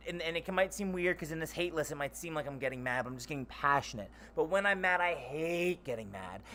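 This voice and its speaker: A young man hosting his channel, rambling loudly and animatedly in a casual monologue. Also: on the high side, slight background noise. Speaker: channel host.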